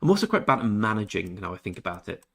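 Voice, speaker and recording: Young English male game streamer, low-ish register, laid-back banter. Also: very animated, quick pace, vocal fry, fairly bright tone. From England. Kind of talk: casual livestream chat with viewers.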